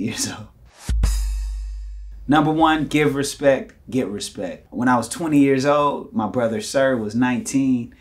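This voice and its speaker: A young man, telling lively stories to the camera and acting out voices and punches. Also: mid-range voice. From United States. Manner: animated, acts out quotes and punches with sound effects. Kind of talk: casual storytelling.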